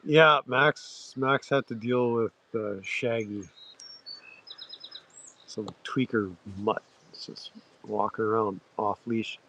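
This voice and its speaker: A man hosting a livestream, chatting loosely to viewers with crude slang, halting restarts and frequent throat-clearing. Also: lowish voice, fairly even intonation, bright, forceful tone, a little hiss or hum. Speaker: livestream host. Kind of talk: rambling casual chat to viewers.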